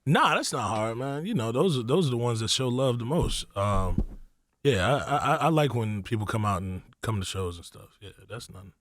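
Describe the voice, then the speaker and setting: A man's voice: animated, moderate pace, fairly bright tone, no echo. A young man, a comedian guest, talking casually in a radio interview and telling stories with quoted voices. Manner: laid-back, storytelling, acts out quotes with rising pitch.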